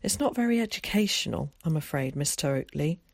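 A woman's voice: sits low, expressive, fairly quick, creaky, dry recording, clean studio sound, heavily acted. A narrator voicing a prim village librarian woman who speaks in a politely formal, mildly teasing way.

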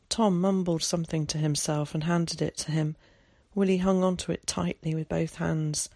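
A narrator reading a novel aloud in a measured storytelling manner. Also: medium pitch, fairly even intonation, a little mellow, no echo, clean studio sound. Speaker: audiobook narrator. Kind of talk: scripted narration.

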